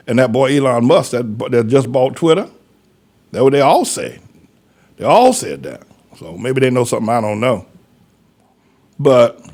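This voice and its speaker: A man, a pastor, rambling through a folksy commentary monologue with chuckling asides. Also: medium pitch.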